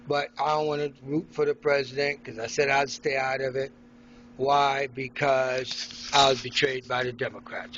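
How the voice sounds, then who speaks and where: Man from Haiti, ranting and mocking, mid-pitched voice, dull lo-fi recording, faint background noise. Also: a bit bright. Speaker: vlogger recording a personal log. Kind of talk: angry rambling monologue. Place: hospital room.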